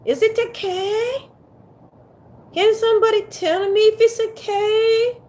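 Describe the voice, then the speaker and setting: A woman's voice: very high voice, steady tone, slow pace, darkish tone. A woman hosting a casual livestream from a phone on a ring light, playfully teasing and coaxing her viewers to type in the chat. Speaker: livestream host.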